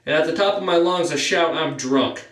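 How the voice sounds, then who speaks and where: A teenage boy, his voice a touch high, tells a story in a loose, rambling way, and his pitch shoots up whenever he gets excited. He sits back from the mic in a bare, echoey room. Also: fast talker, far from the mic. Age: teens. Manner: rambling, fills with "you know"; jumps up in pitch on excited parts. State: stuffy nose. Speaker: vlogger. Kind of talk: casual storytime monologue.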